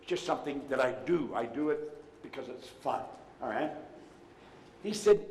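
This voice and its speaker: A man's voice: medium pitch, moderate pace, a little mellow. Emphatic older man in a reverberant hall. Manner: emphatic, storytelling with retold dialogue. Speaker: motivational seminar speaker. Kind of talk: live motivational seminar talk. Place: large room before a live audience.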